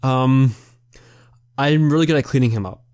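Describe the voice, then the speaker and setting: A man's voice: mid-range voice, moderate pace, a little mellow, no echo, clean studio sound. A young man hosting a casual Q&A over voice chat, laughing often and rambling through his answers. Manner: giggly, rambling, self-mocking. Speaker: channel host answering questions.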